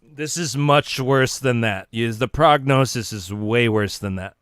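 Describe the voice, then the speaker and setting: A man holds forth on a live stream in a playful, mock-serious lecturing tone, often stopping and restarting his sentences. His voice sounds smooth and clear, and it is picked up dry and close on a desk mic. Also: medium pitch, a little slow, a bit bright, no echo. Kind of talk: casual live stream rambling.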